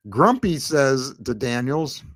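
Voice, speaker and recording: A man's voice: medium pitch, sing-song, slow, a bit bright. A man hosting a casual recap chat, laughing often and reading viewer comments aloud. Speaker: podcast host.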